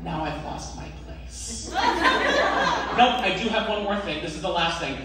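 A man's voice: sits high, wildly swooping pitch, unhurried. A man hosting a stand-up comedy show, rambling and self-deprecating, laughing through his lines. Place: live comedy venue on stage. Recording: echoey room, distant mic, loud noise.

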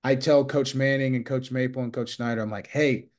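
A man in his thirties talks casually as a guest, spinning rambling anecdotes and acting out other people's lines. His voice sits at an ordinary middle pitch for a man. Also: a little fast. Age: 30s. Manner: rambling, animated anecdotes with quoted dialogue. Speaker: guest wrestler and coach. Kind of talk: casual storytelling interview.

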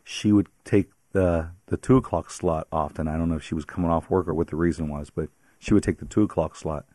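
A priest from the Pittsburgh area tells his faith story as a radio interview guest, in a very deep voice. He talks like a chatty storyteller and breaks into laughter often. The sound is dry and close, with no room behind it. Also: fairly even intonation, a little fast, dark tone, dry recording.

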